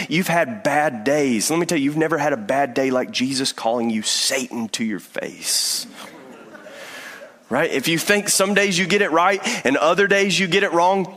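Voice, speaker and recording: Pastor guy preaching, chatty and humble, slightly high voice, long hall echo. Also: a bit bright. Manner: conversational, self-deprecating preaching, addresses listeners as friend. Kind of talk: sermon.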